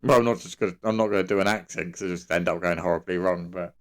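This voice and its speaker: A man's voice: low-pitched, fairly even intonation, fast. An Englishman co-hosting a podcast in casual chat, easygoing and agreeable, laughing along with his co-host.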